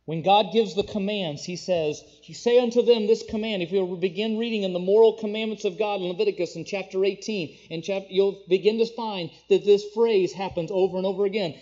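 A man preaching a sermon, reading scripture slowly and rising loud and high on key phrases before dropping low and quiet again. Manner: slows down to read scripture in older-style wording. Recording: dull, lo-fi sound.

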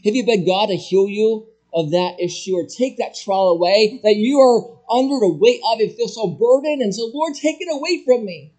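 A man preaching with a fairly high voice that climbs and booms on key points, then drops to near-hushed asides. He keeps putting rhetorical questions to the congregation and drives each point home with strong emphasis. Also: moderate pace, few pauses. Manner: emphatic preaching with rhetorical questions, swinging from loud highs to quiet lows. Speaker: pastor. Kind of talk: sermon.

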